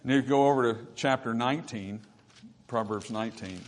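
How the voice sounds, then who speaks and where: A man preaching a sermon to his congregation, mid-pitched and earnest. He talks plainly and conversationally, then rises into emphatic bursts. He reads scripture aloud and checks in with the room with a questioning "Amen?". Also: normal speed, slight background noise. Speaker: pastor.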